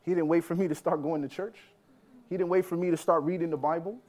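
A man preaching a sermon as a personal story, animated, swinging between loud bursts and hushed lines. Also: fairly high pitch, fast. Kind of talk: sermon testimony.

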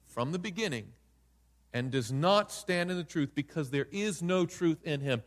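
A man preaching a sermon. His voice sits high and swings widely as he dramatizes points and quizzes his listeners. The sound carries a long hall reverb. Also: lively intonation, normal speed. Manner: dramatic, acts out voices in quotes, asks the audience questions.

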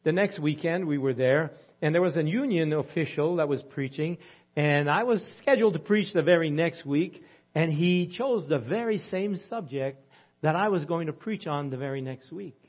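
A man's voice: a little high, moderate pace. A man preaching a sermon in a folksy storytelling way, asking the congregation rhetorical questions. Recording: muffled lo-fi recording.

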